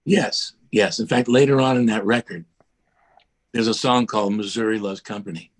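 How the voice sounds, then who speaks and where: A man guest on a video call, telling animated stories and acting out voices as he goes. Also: lowish voice, moderate pace. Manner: lively, acts out voices in his anecdotes. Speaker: guest record producer. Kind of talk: animated storytelling.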